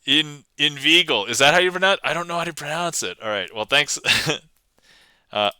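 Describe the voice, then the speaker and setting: A man's voice: a little high, expressive, normal speed, bright, forceful tone, smooth, dry recording. A man from New England with a light New England accent, streaming casually, reading a tricky poem aloud, laughing and stumbling over words as he thinks aloud.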